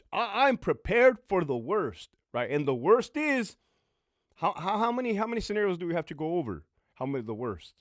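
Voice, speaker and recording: A man's voice: high voice, no echo, clean studio sound. A middle-aged man, a former prison sergeant and military veteran, giving blunt, profane advice in a storytelling monologue. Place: home.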